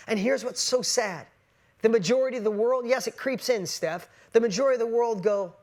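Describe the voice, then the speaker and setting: A man's voice: very high voice, moderate pace. A man giving an emphatic motivational talk to a live online audience, often repeating and restarting his words. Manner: emphatic, repetitive, self-interrupting. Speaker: motivational coach.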